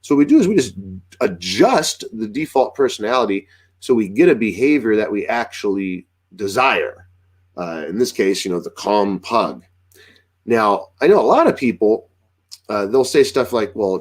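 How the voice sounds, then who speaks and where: A man's voice: fairly low pitch, moderate pace. A man giving casual dog-training advice, acting out what dogs and owners might say. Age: adult with a young daughter. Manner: animated, acts out dialogue with dogs and owners.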